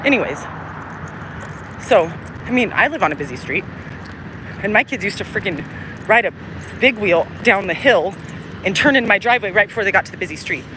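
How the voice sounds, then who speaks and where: A middle-aged woman vlogs into her phone as she walks, rambling and drifting off topic, cursing casually, a bit breathless in the heat. Her pitch jumps up and down a lot. Cars and street noise come through clearly behind her. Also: lively intonation, fairly quick, pauses often. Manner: rambling, digressive, swears freely, trails off with "anyways". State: short of breath in the humid heat. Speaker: vlogger. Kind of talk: casual rambling monologue while walking. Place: outdoors on a busy city street.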